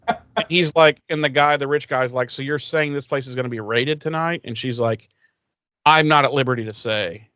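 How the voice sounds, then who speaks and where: A man's voice: mid-range voice, moderate pace, a bit bright, dry recording. A podcast co-host man recapping a TV episode in rambling casual chat, acting out the characters' lines and swearing freely.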